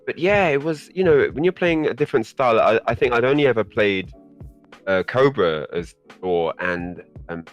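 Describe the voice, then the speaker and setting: A man guest on a podcast, telling a story in a casual, animated way and laughing often. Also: moderate pace, faint music behind. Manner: animated, laughing, rising pitch when excited.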